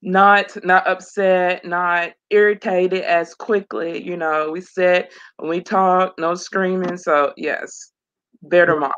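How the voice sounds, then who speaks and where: A woman with a fairly low, smooth, slightly bright voice speaks slowly and evenly, though the highs are cut off. She is a program graduate appearing as an interview guest, a mother of twins sharing her personal story with earnest emotion and often repeating phrases.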